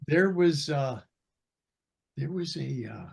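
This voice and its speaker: A man's voice: fairly high pitch, expressive, takes it slowly, gravelly, a little mellow, husky. An older man, an actor as interview guest, telling rambling stories, searching for names and laughing as he goes. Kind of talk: casual anecdotal storytelling.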